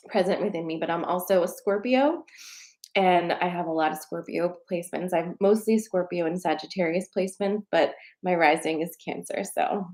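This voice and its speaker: A woman's voice: lowish voice, darkish tone. A young woman hosting a live tarot stream, talking casually and emotionally with viewers, tearful at times, swearing and laughing as she goes. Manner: emotional, chatty, swears, laughs through tears.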